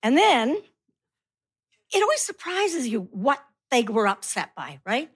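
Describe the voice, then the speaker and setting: A middle-aged woman performing a stand-up comedy routine, animated, acting out her kids and herself in voices. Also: high-pitched, unhurried, husky. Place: stage before a laughing audience.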